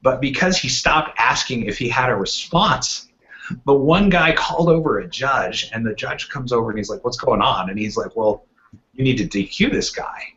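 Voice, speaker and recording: In muffled, lo-fi audio, a man with an expressive, medium-pitched, slightly bright voice talks at normal speed. He co-hosts a gaming podcast and spins long, meandering anecdotes in casual storytelling chat, acting out what others said.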